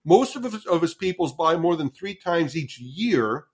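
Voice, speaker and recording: A man in his sixties, a marketing consultant telling a story as a podcast guest, animated, often stumbling and repeating words, swearing casually. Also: on the high side, unhurried, husky.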